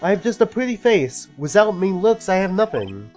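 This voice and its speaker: Brief: man playing a vain French-accented dandy for a game, high and sing-song. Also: big pitch swings, normal speed, a little mellow, soft background music. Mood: self-pitying. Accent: put-on French. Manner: theatrical, sing-song, sprinkles French words.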